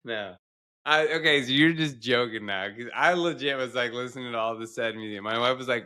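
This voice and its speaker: A man's voice: mid-range voice, fairly quick, pushed and bright. A young adult man, a doctor co-hosting a podcast, talking in an earnest, reflective, emotional way. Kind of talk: casual podcast chat.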